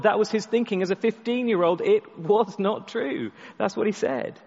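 A man's voice: sits high, normal speed, gravelly, muffled recording. Man preaching in a reverberant hall. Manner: storytelling with repeated restarts, voice dropping soft for emphasis. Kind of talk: sermon. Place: church.

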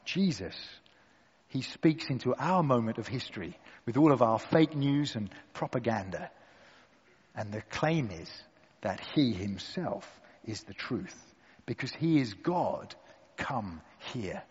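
A man preaching a sermon to a gathered room, deliberate and emphatic with dramatic pauses. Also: mid-range voice, expressive, a little mellow, slightly rough, long reverb tail, highs cut off. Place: church hall with an audience.

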